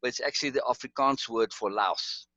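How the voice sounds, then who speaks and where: A man's voice: mid-range voice, brisk, pushed and bright, dry recording, dull audio. A man telling stories in casual chat, rambling, restarting often and chuckling. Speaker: storyteller.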